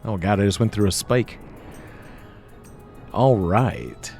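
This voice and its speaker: A man's voice: on the low side, sing-song, slow pace, darkish tone, soft background music. An American man hosting a let's play, chatting casually over gameplay and laughing easily. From United States. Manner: chatty, giggly and easily amused.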